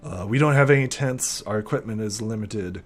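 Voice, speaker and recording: Brusque female soldier, voiced by a male game master; low, clipped, no-nonsense. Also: moderate pace, natural voice. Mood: curt. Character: curt woman soldier, weary sergeant type.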